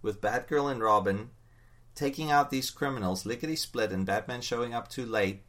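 A man co-hosting a casual comics chat, animated and laughing often, turning to his co-host with questions. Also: medium pitch, moderate pace. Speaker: podcast co-host discussing comics.

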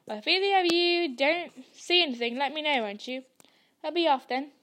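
A woman reading aloud and voicing a gruff, burly male gamekeeper with rough, folksy speech. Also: sits high, normal speed, fairly bright tone. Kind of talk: audiobook reading.

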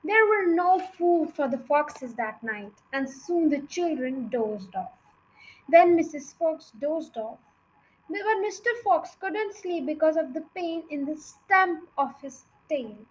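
A woman reading a children's book aloud in an expressive, dramatic way. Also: high voice, takes it slowly, rough recording. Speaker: reader.

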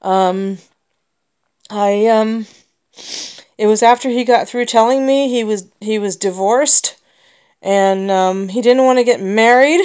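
American woman with a smooth, resonant voice. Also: on the high side, takes it slowly, long pauses, darkish tone. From United States. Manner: emotional and rambling, many restarts. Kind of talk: personal vlog monologue.

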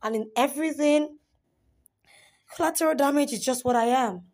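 A young woman performing spoken word poetry, dramatic, swinging between raised pleading lines and hushed whispers. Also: high-pitched, normal speed.

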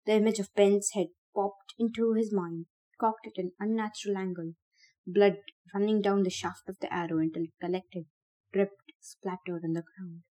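Woman narrator for a podcast book reading; expressive, warm mellow tone. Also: mid-range voice, normal speed. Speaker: audiobook reader.

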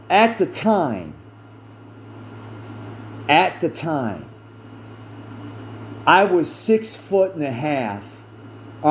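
A middle-aged man speaks slowly and deliberately, his fairly high voice rising and falling a great deal. He tells a personal story with earnest emphasis, repeating phrases to drive a point home. A faint air-conditioner hum sits behind him. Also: darkish tone. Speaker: podcast host.

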